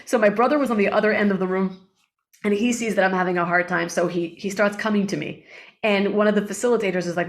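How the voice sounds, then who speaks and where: A middle-aged woman, a breathwork facilitator, telling personal stories in an emotional, animated way with many fillers. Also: mid-range voice, fast. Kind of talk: casual interview storytelling.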